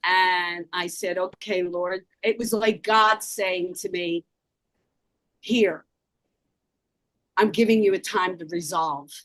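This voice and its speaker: Philly woman telling a heavy story, emphatic, dry close sound, kinda low voice. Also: steady tone, slow pace, pauses often, fairly bright tone, dry recording, low-quality recording. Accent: Philadelphia. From South Philadelphia. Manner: emphatic, intense personal storytelling. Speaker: guest author. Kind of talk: interview storytelling.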